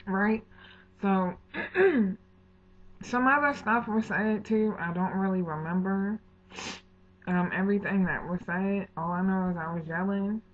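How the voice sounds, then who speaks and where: A woman's voice: medium pitch, measured pace, pauses often. A woman telling a true story for her vlog in a heated, indignant way, full of slang, swearing and acted-out bits of the conversation. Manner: heated, indignant retelling with slangy asides and quoted dialogue. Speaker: vlogger. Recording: tinny phone-like audio.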